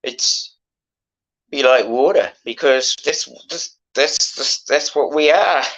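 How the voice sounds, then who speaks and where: A man in his sixties in casual conversation, emotional and halting, swearing often as he talks. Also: medium pitch, a bit bright, rough recording. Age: 60s.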